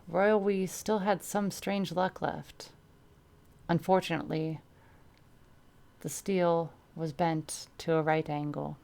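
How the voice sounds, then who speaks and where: Female streamer narrating a first-person story; low, smooth, with casual asides. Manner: breaks off to laugh and comment. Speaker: streamer reading a story aloud.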